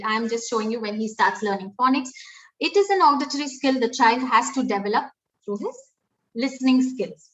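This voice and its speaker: A fairly high-voiced woman with an Indian English accent speaks from a little way off the microphone, and her audio is dull. She teaches step by step in a webinar and often restarts with "uh" and "um.". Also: distant mic. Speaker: pre-primary educator giving a webinar. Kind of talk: webinar talk.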